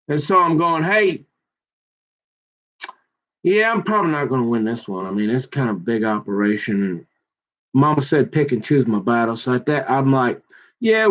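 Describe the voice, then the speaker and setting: A man, rambling through a casual monologue with folksy slang, often restarting his sentences. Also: medium pitch. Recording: dull lo-fi sound.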